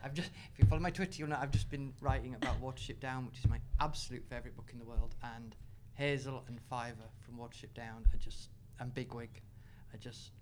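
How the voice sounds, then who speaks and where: A man speaking as an author on a live panel discussion, enthusiastic, with quick asides and laughter. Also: mid-range voice, fairly even intonation, darkish tone, slight background noise.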